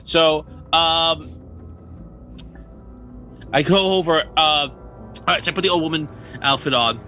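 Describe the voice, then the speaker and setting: A man's voice: fairly high pitch, unhurried, pushed and bright, faint music behind. A man playing a tabletop game, talking casually and hesitantly, with many ums and restarts. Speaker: player.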